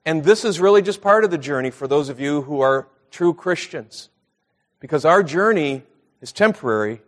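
A middle-aged man delivers a sermon in a church meeting room, his voice sitting noticeably high. He moves easily between casual anecdotes and quoted scripture, repeating phrases for emphasis. The sound carries a long, lingering reverb from the hall. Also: expressive, normal speed. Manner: conversational storytelling preaching, repeats for emphasis. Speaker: pastor.

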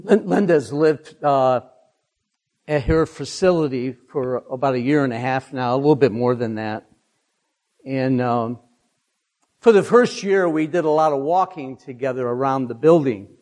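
An older man giving a devotional talk, halting with many fillers, lingering over phrases and asking listeners to repeat after him. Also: medium pitch, darkish tone. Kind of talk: devotional talk with psalm reading.

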